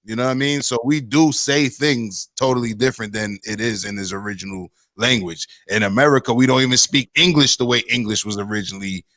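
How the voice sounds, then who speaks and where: A man hosts a casual rant podcast in a mid-range voice. He sounds lively and talks in rhetorical questions. His voice is dry and close, with no room sound. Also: medium pitch, fairly quick, few pauses, no room sound. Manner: animated, fires off rhetorical questions. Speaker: podcast host.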